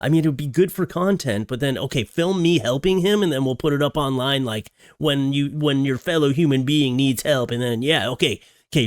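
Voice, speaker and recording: Man, reaction commentary host, sarcastic jokes, dry close sound, mid-pitched. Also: brisk, hardly any pauses, no room sound. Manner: joking, sarcastic asides. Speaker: host reacting to viral videos.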